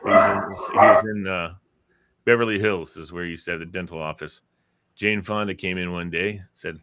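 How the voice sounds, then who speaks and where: A man's voice: deep voice, brisk, clean tone. A man host in casual chat, animatedly retelling old radio bits and acting out the voices. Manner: animated storyteller, acts out voices. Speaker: show host.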